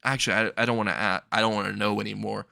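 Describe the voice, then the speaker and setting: A man's voice: fairly low pitch, steady tone, racing, creaky, sharp tone, no echo, clean studio sound, full character voice. A man voicing a terrified young male hero who frantically swears and pleads in a fan-made comic story. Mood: dread.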